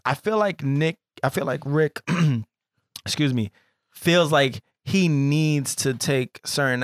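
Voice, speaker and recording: A man chats loosely about a TV episode, in a relaxed and slangy way, doubling back on his words. His voice is smooth and resonant, and it sits mid-pitched for a man. The sound is dry and close. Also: dry recording. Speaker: podcast co-host. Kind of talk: casual chat about a TV show.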